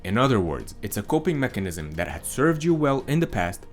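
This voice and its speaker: A man's voice: mid-range voice, very animated, a little fast, faint music behind. A man teaching as a voice coach in a scripted monologue, stressing key words with big rises and falls.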